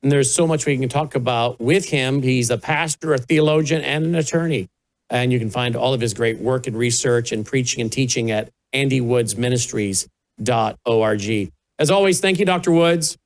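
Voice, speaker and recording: A man's voice: mid-range voice, normal speed, poor audio. A man hosting a talk broadcast, signing off and chatting playfully to his studio dog. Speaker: host. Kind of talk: broadcast talk show sign-off.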